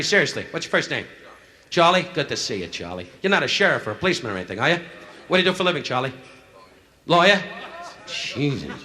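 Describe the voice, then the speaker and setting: A male stand-up comedian doing insult comedy, firing brash, rapid jabs at audience members from a nightclub stage. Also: on the high side. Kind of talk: insult comedy crowd work. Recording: live club recording, loud laughter, hiss.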